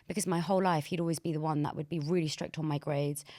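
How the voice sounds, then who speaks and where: Brief: woman host, low voice, dry close recording, reflective. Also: fairly even intonation, fast, mellow, dry recording. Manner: empathetic, reflective. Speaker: podcast host. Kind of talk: conversational interview.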